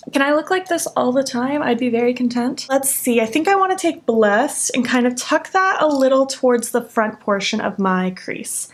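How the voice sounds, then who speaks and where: Young woman, beauty vlogger, gushing and excitable, slightly high voice, makeup tutorial chat.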